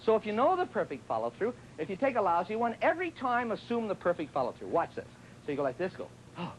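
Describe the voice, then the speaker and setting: High voiced guy coaching tennis, jokey and chatty, bounces all over, bit of hiss on an old tv tape. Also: wildly swooping pitch, quick pace, low-quality recording. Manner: chatty, joking, acts out students' lines. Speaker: tennis instructor. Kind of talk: televised tennis lesson.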